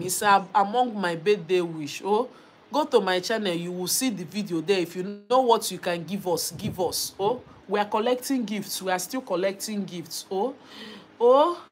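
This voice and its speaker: Lively young Nigerian woman streaming live. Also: medium pitch, moderate pace, a little hiss or hum. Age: young adult. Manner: lively, mixes English with Igbo and Pidgin. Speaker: YouTuber hosting a birthday live stream. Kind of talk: casual live stream chat, reading viewer comments.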